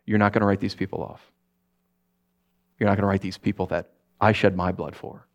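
Preacher doing a gentle, firm male divine voice: quiet, steady, insistent. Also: low-pitched, brisk, highs cut off, voice pushed down. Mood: gently firm.

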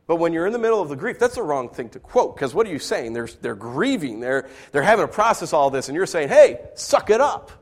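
A man preaching a sermon, acting out quoted voices and swinging from loud outbursts to quiet asides. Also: on the high side, very animated, quick pace, few pauses. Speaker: pastor.

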